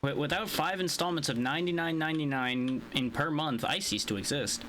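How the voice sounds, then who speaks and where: A man streaming a survival game, chatting in a dry, joking way with a hoarse voice. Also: on the high side, a little fast, a bit bright, slight background noise. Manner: dry, joking, thinking aloud. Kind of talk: casual gaming chat. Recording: game music behind.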